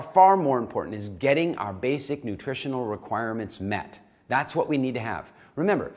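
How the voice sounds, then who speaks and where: In a recorded lesson, an animated man coaches a nutrition program, his voice at an ordinary middle pitch for a man. As he explains, he acts out little inner dialogues.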